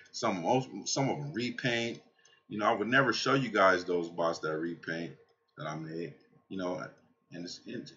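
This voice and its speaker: A man giving casual, excitable trading commentary over a screen share, swearing and talking straight to his viewers, tired from a night without sleep. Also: on the low side, lo-fi sound, a little hiss or hum. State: tired from staying up all night. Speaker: crypto trading channel host.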